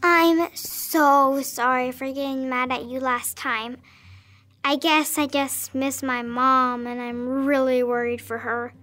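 A woman's voice: high-pitched, fairly even intonation, slow pace, sharp tone, soft background music, heavily acted. A woman playing an anxious young girl who writes earnest letters to her best friend in an audio drama. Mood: worried. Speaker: letter-writing child character.

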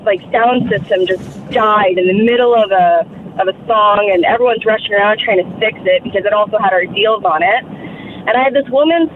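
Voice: medium pitch, brisk. A radio caller telling a story in a wry, exasperated way over a tinny phone line with crowd noise.

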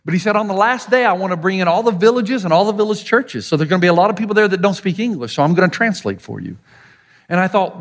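Southern pastor guy preaching, voice jumps all over, pretty high for a man, acts out the quotes. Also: fast. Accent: American Southern. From Southern United States. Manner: animated storytelling, voicing quoted people. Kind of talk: sermon.

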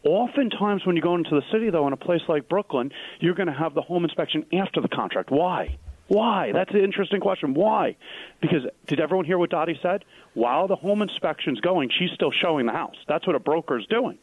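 A man co-hosting a call-in advice radio show, his fairly high voice coming through a thin, phone-like band. He explains step by step and asks rhetorical questions that he answers himself. The sound is dry, with no room around it. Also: animated, a little fast, breathy edge, dry recording. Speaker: radio co-host, real estate expert.

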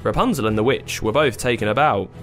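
A man narrating a children's story in a playful, expressive way, over faint music. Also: medium pitch, fast.

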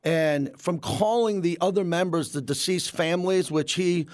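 A man hosting a sports radio roundtable, telling stories emphatically and slowing down to stress his points. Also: high voice, darkish tone. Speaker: radio show host. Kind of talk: sports talk chat.

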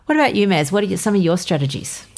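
Middle-aged woman co-host, deep voice, practical and assertive. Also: big pitch swings, racing, darkish tone. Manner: practical, assertive, playful asides. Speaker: podcast co-host. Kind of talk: casual conversational advice.

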